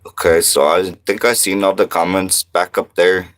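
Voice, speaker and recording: A man's voice: low voice, little pitch movement, moderate pace. A man in his thirties from French Canada, chatting casually on a livestream, rambling and reading viewer comments aloud. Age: 30s. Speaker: livestream host.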